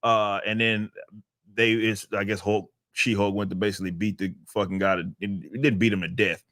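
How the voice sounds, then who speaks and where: A man's voice: on the low side, little pitch movement, moderate pace, a bit bright, no echo, clean studio sound. A man co-hosting a casual podcast, talking in loose, rambling runs and laughing often. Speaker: podcast co-host.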